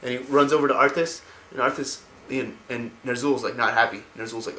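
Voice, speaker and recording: An excited man rambles through a story retelling, swearing now and then. His voice is bright and forward, with a medium pitch. The recording sounds roomy and echoing. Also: brisk, a little hiss or hum. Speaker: lore explainer.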